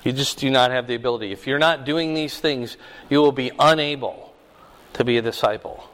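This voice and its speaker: A man's voice: medium pitch, brisk, fairly bright tone. A pastor teaching a sermon from his notes, working through verses and adding asides to the congregation. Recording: long hall reverb.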